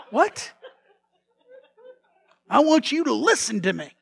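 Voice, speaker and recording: A man preaching a sermon as pastor, telling the story in a lively way, acting out the figures' lines and often repeating words as he restarts. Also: high-pitched, normal speed, vocal fry, long pauses. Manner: animated storytelling, acts out characters' lines.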